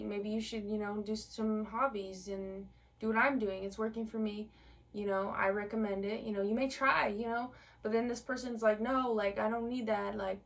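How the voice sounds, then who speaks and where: A woman's voice: mid-range voice, far from the mic. A woman giving a collective tarot reading in a chatty, conversational way, with many fillers and direct address to the viewer. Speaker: tarot reader.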